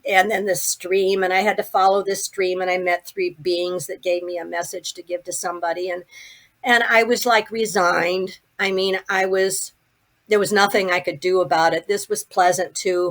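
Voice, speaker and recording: An older woman, a podcast guest, giving a vivid, animated personal account with many restarts. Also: on the low side. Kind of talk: personal storytelling.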